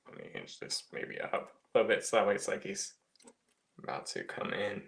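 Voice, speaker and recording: A man casually reviewing a toy, talking softly with mumbled, half-whispered asides. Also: lowish voice, wildly swooping pitch, moderate pace, vocal fry, husky.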